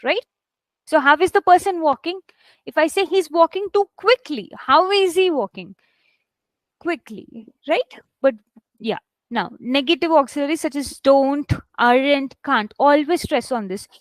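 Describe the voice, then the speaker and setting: A woman with a high voice teaches a live online English class. She speaks close to the mic in a dry, dead-sounding space, leaning hard on key words as she demonstrates them. She checks in with her students often. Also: no room sound. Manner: explains with examples, often checks with "right?"; stresses words heavily to demonstrate. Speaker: English test instructor.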